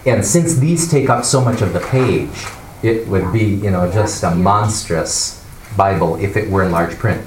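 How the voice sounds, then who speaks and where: A man teaching a Bible class, explaining and asking the class questions in an animated way. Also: deep voice, measured pace. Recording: echoey room, mic far off, faint noise.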